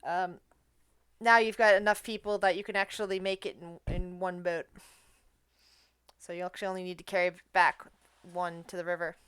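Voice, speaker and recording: Smooth-voiced woman game master. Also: fairly low pitch, flat delivery, normal speed, long pauses, a bit bright, no room sound. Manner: hesitant, full of fillers and restarts. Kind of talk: explaining rules, narrating a tabletop game.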